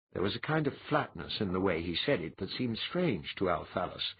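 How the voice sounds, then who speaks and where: A man narrating an audiobook in a measured storytelling manner. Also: low-pitched, very animated, husky, no room sound, lo-fi sound. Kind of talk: scripted narration.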